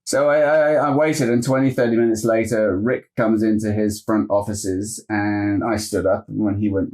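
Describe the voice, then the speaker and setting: A man's voice: on the low side, steady tone, normal speed, few pauses, darkish tone. A man, a guest actor, telling anecdotes in a casual interview and slipping into impressions as he goes.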